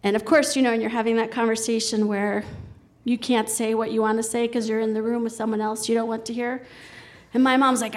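A woman telling a personal story live on stage, lively and acting out people's lines as she quotes them. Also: on the high side, brisk. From Colorado, USA. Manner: lively, quotes people in brief voices, laughs often.

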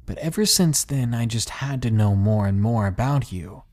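A man's voice: medium pitch, lively intonation, normal speed, lightly acted. A man playing an obsessive, possessive young man who speaks with creepy intensity in a horror story. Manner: creepy, intense, shifting from angry to soft.

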